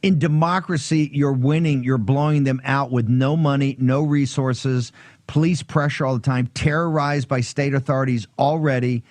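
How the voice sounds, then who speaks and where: A man's voice: medium pitch, fairly even intonation, normal speed, a little mellow, dry recording. A man hosting a political talk show, emphatic and combative.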